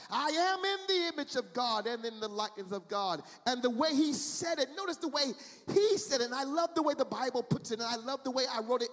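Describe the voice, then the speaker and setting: High-voiced preacher in a reverberant hall. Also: male voice, fairly bright tone. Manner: emphatic, repetitive preaching with drawn-out, sing-song phrases. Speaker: pastor. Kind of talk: sermon. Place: church, also streamed online.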